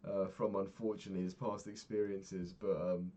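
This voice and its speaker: A man's voice: on the low side, fairly even intonation, normal speed, darkish tone. A young man talking through his day in a candid, rambling diary vlog, swearing freely. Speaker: vlogger.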